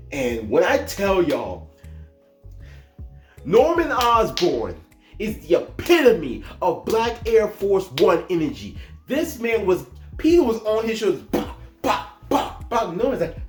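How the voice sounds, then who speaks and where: A man in a movie review vlog, excitable, swinging between hyped outbursts and a somber hush. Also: a little high, roomy sound.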